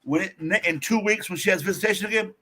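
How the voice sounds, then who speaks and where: A man guest on a podcast, telling a personal story in a blunt, profane, animated way. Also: sits high, quick pace, breathy edge. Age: adult.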